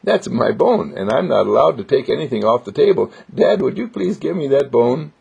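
A man voicing his gentle male golden retriever, politely asking for its bone in a sweet voice, on a dull lo-fi recording. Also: medium pitch, sing-song, normal speed, gravelly, slightly rough, pitched above the performer's own voice, full character voice. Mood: sweetly pleading.

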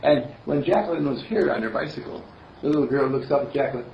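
A male minister delivers a spiritual sermon in a rambling, storytelling way, chuckling as he goes. His voice is gravelly and medium-pitched, and he speaks at a quick pace. The recording sounds distant, roomy and dull, with a little hiss or hum.

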